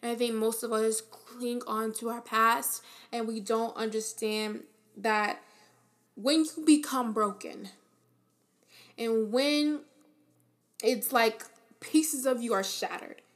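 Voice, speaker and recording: A woman with a slightly high voice speaks in an earnest, encouraging tone, delivering a motivational monologue as a podcast host. She talks casually, with fillers, and repeats her key phrases for emphasis. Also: steady tone, slow.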